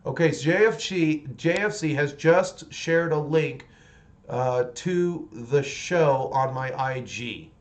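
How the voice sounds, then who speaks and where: A man's voice: a little high, takes it slowly. Rambling, chatty man streaming his hobby. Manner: rambling and chatty, with many restarts. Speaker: livestreamer painting miniatures. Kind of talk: casual livestream chat.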